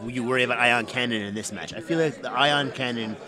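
A man commentating a tabletop game live at a convention with dry, deadpan sarcasm. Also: mid-range voice, fast talker. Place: convention hall. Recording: crowd noise behind. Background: crowd chatter.

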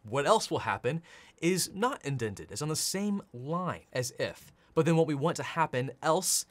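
A man in his thirties teaching programming in an energetic, playful way, often laughing and shouting out example lines. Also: on the high side, normal speed. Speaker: programming instructor. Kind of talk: energetic tutorial narration.

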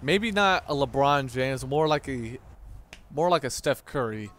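A young man hosting his gaming channel, giving excitable, mock-instructional commentary over gameplay with frequent swearing and outbursts. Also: medium pitch, a little slow, soft background music.

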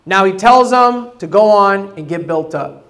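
A man preaching a sermon in a high voice. He is animated and casual, acts out the voices he quotes, and swings between loud bursts and quiet, low asides. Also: a little slow. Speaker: pastor.

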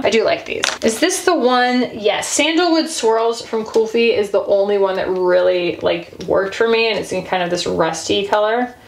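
A chatty woman talks casually in a vlog, breaking into frequent gushing asides. Her voice sits at a middle pitch. The room around her carries a noticeable echo. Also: vocal fry, a little hiss or hum. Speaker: beauty channel host. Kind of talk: casual chat while decluttering makeup.

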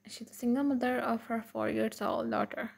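A woman reads aloud as a blunt, teasing young man ribbing his best friend. Her voice is husky and dark, with a gravelly edge. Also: on the high side, steady tone, normal speed, heavily acted.

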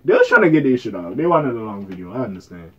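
A young man with ranting in casual commentary, blunt and profane, swinging between low mutters and exasperated outbursts. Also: huge pitch swings, fast talker, fairly bright tone, breathy edge, muffled recording. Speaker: YouTube commentator.

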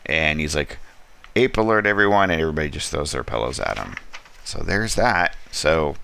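Very deep-voiced man reviewing a comic. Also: normal speed, gravelly, slight background noise. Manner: relaxed, rambling, frequent ums and asides. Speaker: comic book reviewer and host. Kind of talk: casual comic review monologue.

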